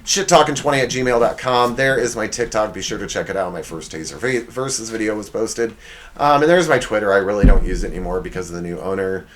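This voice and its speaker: A man in his forties hosting a comedy podcast, roasting things with loud mock outrage and dropping into quiet sincerity, a bit out of breath. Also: fairly low pitch, fast talker. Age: 40s. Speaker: podcast host.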